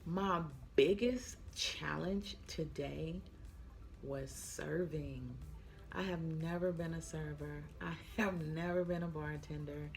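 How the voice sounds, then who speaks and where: Young woman vlogger, slow and chatty, sleepy and yawning, a little low-voiced. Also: vocal fry, faint music behind. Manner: chatty, addresses viewers as y'all, yawning. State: tired, yawning. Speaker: vlogger, flight attendant. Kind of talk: casual chat to camera.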